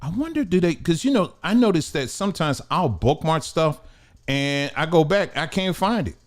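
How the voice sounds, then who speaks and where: A man's voice: a little high, expressive, normal speed. A middle-aged man hosting a casual news commentary show, rambling, muttering to himself and laughing often. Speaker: host.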